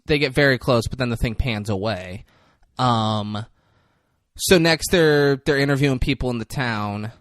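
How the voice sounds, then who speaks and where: A man's voice: medium pitch, moderate pace, dry recording, studio quality. A man co-hosting a podcast, chatting casually and retelling a film scene by scene, swearing now and then and acting out the lines he quotes. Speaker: podcast co-host.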